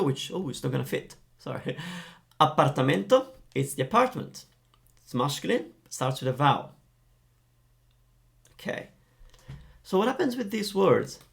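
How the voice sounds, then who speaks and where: A man teaching Italian grammar, explaining in a lively, playful way. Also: fairly high pitch, creaky.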